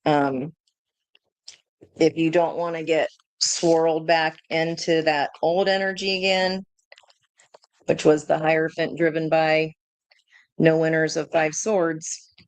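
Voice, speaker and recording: A woman's voice: low-pitched, little pitch movement, slow, long pauses, smooth, no echo. A woman doing a live tarot reading, thinking aloud in a chatty way, laughing often and swearing casually. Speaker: tarot reader.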